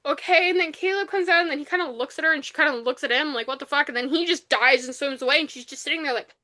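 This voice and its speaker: A woman's voice: high-pitched, racing, bright, forceful tone. A woman co-hosting a book podcast, casually rambling through a plot recap with lots of "like" and the odd swear word. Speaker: podcast co-host. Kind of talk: casual book review chat.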